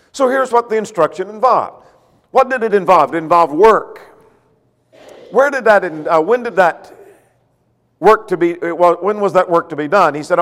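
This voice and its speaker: A man's voice: high-pitched, lively intonation, normal speed, fairly bright tone. A male preacher giving a sermon, explaining a passage step by step and asking rhetorical questions. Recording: long hall reverb.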